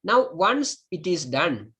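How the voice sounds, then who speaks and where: Slow, bright-voiced male teacher. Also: fairly high pitch, big pitch swings. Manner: patient, repeats each word slowly for learners. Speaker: Sanskrit and Ayurveda teacher. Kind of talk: slow step-by-step lesson.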